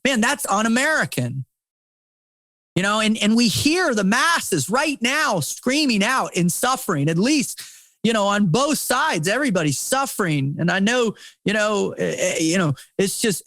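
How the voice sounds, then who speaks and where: A man's voice: sits high, a bit bright, dry recording. Middle-aged ex-military guy on a podcast, fired up and preachy, swears a lot, says man constantly, dry studio sound. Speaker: podcast guest, former Navy SEAL. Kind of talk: impassioned casual conversation.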